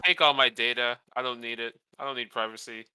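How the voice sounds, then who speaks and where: A man trades deadpan jokes in a casual voice chat, his voice mid-pitched. A clear hiss sits on his mic. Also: a little fast, poor audio.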